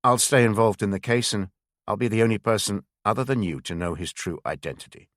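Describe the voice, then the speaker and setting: A man reading a senior male spymaster who speaks slowly and very properly in an audiobook. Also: on the low side, no room sound, studio quality, lightly acted. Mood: grave. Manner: slow, very proper. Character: senior male spymaster, older, measured, formal.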